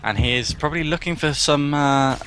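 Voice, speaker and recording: An energetic male play-by-play caster for an online shooter match. His voice is bright and forceful and sits a little high. He yelps at the highlights. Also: a little fast, a little hiss or hum. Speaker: esports co-caster. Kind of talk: live esports play-by-play.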